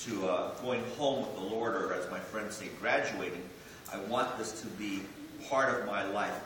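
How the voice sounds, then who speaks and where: A man in his fifties preaching a sermon as pastor, animated and joking as he speaks. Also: lowish voice, noisy background. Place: church sanctuary. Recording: echoey church hall, mic from a distance, faint ambience.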